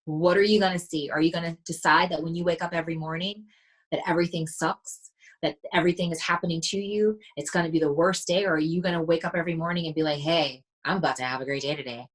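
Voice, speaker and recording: A woman's voice: deep voice, steady tone, quick pace, rough recording. A woman mindset coach, a podcast guest, telling stories animatedly and acting out the dialogue she quotes. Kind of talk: casual podcast conversation.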